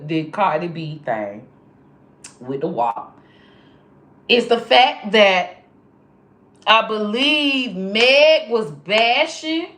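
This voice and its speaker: A woman hosting casual commentary, animated and profane, often jumping into high squealing voices. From American South. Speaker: host.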